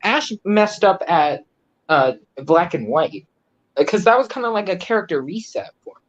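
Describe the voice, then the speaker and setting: A man's voice: sits high, animated, normal speed, dull audio. A young man chatting casually, rambling with many fillers and frequent laughter. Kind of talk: casual chat.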